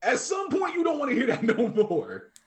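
A man's voice: extremely high pitch, wildly swooping pitch, moderate pace. A young man chatting casually as a podcast guest, joking and loose, with plenty of fillers. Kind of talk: casual chat.

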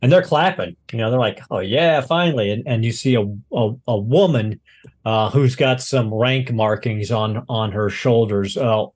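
A man's voice: mid-range voice, moderate pace, a little mellow. A man running a tabletop game as game master, narrating loosely with many fillers.

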